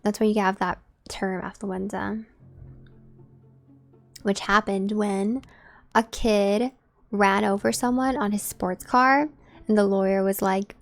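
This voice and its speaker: A woman's voice: medium pitch, steady tone, slow pace, pauses often, faint music behind. A woman streaming a game and chatting casually with her viewers, musing aloud. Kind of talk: casual gameplay commentary.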